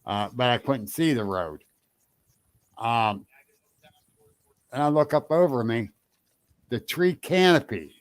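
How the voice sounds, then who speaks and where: A man's voice: medium pitch, dry recording. A man, a guest, recounting an experience in casual chat, hesitant with fillers.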